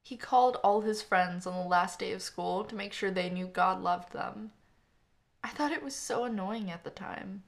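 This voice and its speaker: A woman narrator voicing a grieving young woman who gives a halting, tearful eulogy for her brother. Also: mid-range voice, gravelly, lightly acted. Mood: reminiscing.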